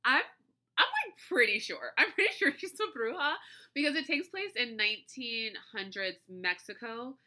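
A woman's voice: on the high side, very animated, moderate pace, pushed and bright. A young adult woman hosting a podcast in casual chat, rambling with lots of "like" and "you know" and laughing often. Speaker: podcast host.

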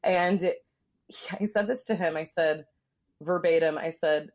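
Candid woman telling a story, lower-pitched. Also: unhurried, darkish tone. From Southern California. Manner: candid, frequent "like" fillers, acts out quotes. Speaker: comedian guest. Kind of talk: casual podcast storytelling.

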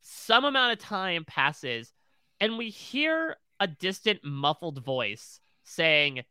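A man's voice: sits high, big pitch swings, slow, sharp tone, clear, resonant tone, dry recording. A man co-hosting a TV recap podcast, retelling scenes in close detail. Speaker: podcast co-host.

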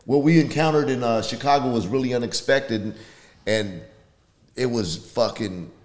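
A man co-hosting a podcast, talking casually and haltingly as he searches for words. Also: medium pitch. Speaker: podcast co-host. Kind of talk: casual chat among friends. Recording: roomy echo.

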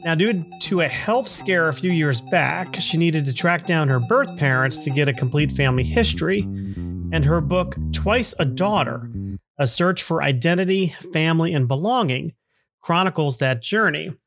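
A man's voice: fairly high pitch, lively intonation, moderate pace, a bit bright, faint music behind. A man in his fifties hosting a podcast, telling a personal story in a rambling way with chuckling asides. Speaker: podcast host.

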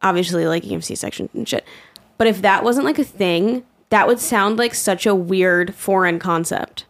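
A woman's voice: medium pitch, moderate pace. Young woman on a podcast, gabby, cursing, giggling a lot, does little voices for quotes. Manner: chatty, swears freely, laughs often, acts out quotes. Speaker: podcast co-host. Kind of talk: casual chat.

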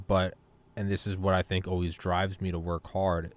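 A man's voice: sits low, little pitch movement, normal speed. A man from the United States, hosting a podcast in casual chat, telling stories with swearing and acted-out quotes. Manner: storytelling, profane, acts out quotes. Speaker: podcast host.

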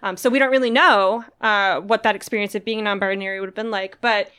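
A woman's voice: mid-range voice, fairly even intonation, fairly quick, sharp tone, smooth. Tearful, rambling woman co-host. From Filipino heritage. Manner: emotional, tearful, rambling with many restarts. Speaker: podcast co-host recommending books. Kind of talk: casual chat.

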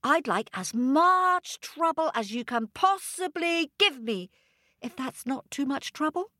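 An excitable little boy monkey from a storybook, played by a woman with a high, squealing voice. He bounces all over the place, pitch leaping up and down with eagerness. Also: a little slow, dry recording, studio quality, full character voice. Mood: eager.

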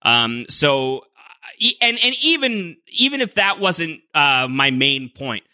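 Bright, opinionated male podcast host. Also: a little high, takes it slowly, dry recording, studio quality. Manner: animated, opinionated, with frequent restarts and laughs. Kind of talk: casual chat.

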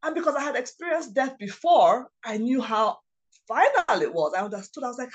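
A woman, a mother of several children, telling a personal story in a halting, emotional way, often restarting her sentences. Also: on the high side, big pitch swings. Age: adult mother of several children. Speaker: guest sharing a personal story.

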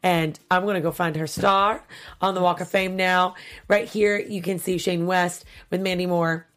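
Lowish voiced woman cohost, gushy and chatty, lots of ums. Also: steady tone, normal speed, a bit bright. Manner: chatty, gushing, many fillers. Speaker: podcast co-host. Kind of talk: casual chat about a TV show.

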